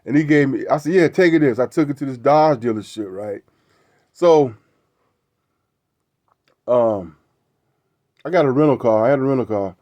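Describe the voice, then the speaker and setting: A man's voice: medium pitch, moderate pace, long pauses, darkish tone, dry recording. A middle-aged man hosting a show, telling a casual story in a rambling way, repeating words and tagging lines with "right?". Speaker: show host.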